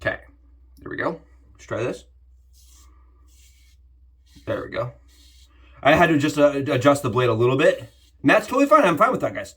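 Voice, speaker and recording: A man's voice: fairly high pitch, very animated, normal speed, pauses often, a bit bright, breathy edge. Chatty young man vlogging his shave. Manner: chatty, keeps calling viewers "guys". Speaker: shaving vlogger. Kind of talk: casual talk to camera while shaving.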